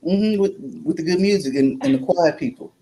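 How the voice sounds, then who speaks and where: A man co-hosting a casual podcast, throwing in quick jokes during a live match. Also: on the high side, dark tone, poor audio. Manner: joking, quick quips. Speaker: podcast co-host. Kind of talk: casual live watch-along chat.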